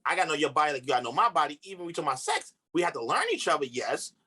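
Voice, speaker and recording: A man's voice: fairly high pitch, sing-song, racing, bright, forceful tone, slightly rough. A man, a relationship coach, giving earnest advice in casual podcast chat with everyday slang.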